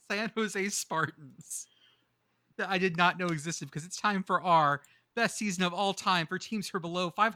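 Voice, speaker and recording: A man's voice: sits high, bright, forceful tone, dry recording, studio quality. A man from Texas hosting a casual podcast quiz, joking and swearing freely. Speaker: podcast host running a quiz. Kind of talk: casual chat.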